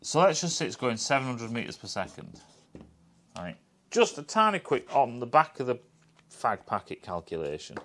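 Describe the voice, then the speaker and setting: A man's voice: medium pitch, very animated, normal speed, fairly bright tone. A man giving a casual, rambling and scornful review, swearing often and restarting his sentences. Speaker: TV critic.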